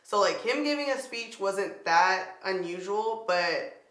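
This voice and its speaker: Bright-voiced chatty young woman. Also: mid-range voice, animated, slow. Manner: chatty, says "like" a lot, giggly. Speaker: vlogger. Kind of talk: casual storytelling chat. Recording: echoey room.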